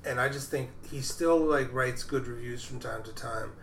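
A man's voice: mid-range voice, normal speed, vocal fry, fairly bright tone, reverberant, a little hiss or hum. A man co-hosting a podcast, casually talking about movies in a rambling way that keeps restarting. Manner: rambling, self-interrupting. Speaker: podcast co-host. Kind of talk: casual film chat.

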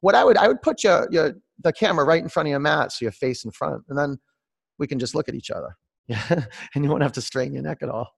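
A man teaching a guided online yoga class, mixing calm meditative coaching with direct instructions and calling students by name. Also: a little high, quick pace, creaky, husky.

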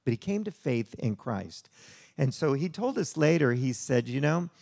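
A man preaching a sermon to a congregation, telling a story in an animated, conversational way. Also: mid-range voice, normal speed, vocal fry. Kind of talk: sermon with slide show.

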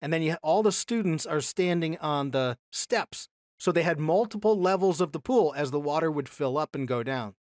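A man teaching a Bible class from slides in a relaxed, conversational way, often checking in with his listeners and growing enthusiastic about discoveries. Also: on the high side, normal speed, no room sound, studio quality.

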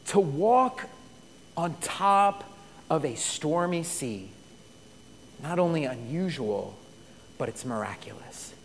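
A high-pitched man preaching a sermon in a large hall with a long echo. He tells stories, rises to loud bursts and drops to near-hushed lines. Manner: storytelling, swings from loud to hushed. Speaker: pastor.

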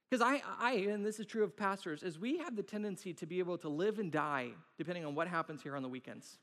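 Male pastor, 30s, playful self-mocking preacher, high voice, church hall echo. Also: rapid-fire, hardly any pauses, a bit bright. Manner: playful, self-mocking storytelling with acted-out quotes. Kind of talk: sermon. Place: church sanctuary. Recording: long hall reverb.

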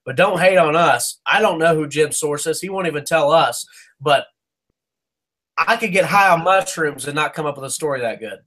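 A man's voice: a little high, normal speed, sharp tone. A man co-hosting a casual sports podcast, ranting with heat, swearing and stumbling over restarts. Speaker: podcast co-host.

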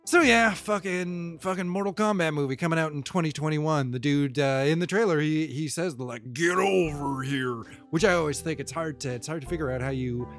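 A man's voice: on the high side, brisk, hardly any pauses, fairly bright tone, soft background music. Rambling, profane man on a solo show. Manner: rambling, profane, with many restarts. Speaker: podcast host. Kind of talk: casual solo commentary.

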